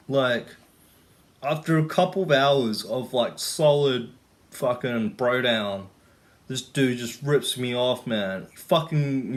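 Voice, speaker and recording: A young man ranting and telling stories in a casual vlog, rambling and swearing, full of "like" and "you know". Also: medium pitch. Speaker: vlogger. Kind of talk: casual rant storytelling.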